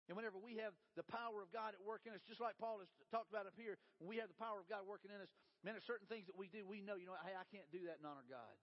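A pastor delivers his sermon at a quick clip in a folksy, storytelling manner. His voice sits a bit high for a man and rings through a church sanctuary with long reverb. The sound is somewhat dull and muffled. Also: fairly even intonation. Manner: folksy storytelling, drops into a soft low voice for quotes.

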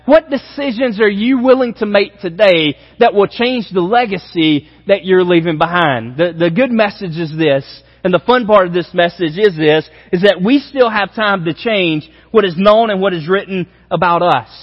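A man's voice: high voice, moderate pace, few pauses. A man preaching a sermon as pastor, speaking directly and emphatically to his congregation. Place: church auditorium. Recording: dull sound with long hall reverb.

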